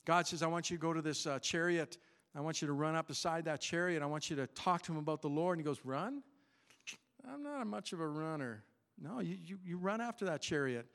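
Animated preaching man, fairly high voice. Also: fairly quick, gravelly. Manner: animated, conversational preaching with voiced Bible characters. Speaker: pastor. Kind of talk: sermon.

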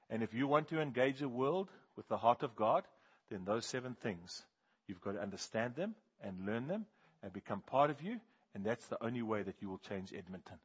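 Husky-voiced male preacher, hushed to loud. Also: medium pitch, lively intonation, fairly quick, highs cut off. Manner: questions the congregation, swings between hushed and loud. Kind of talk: sermon.

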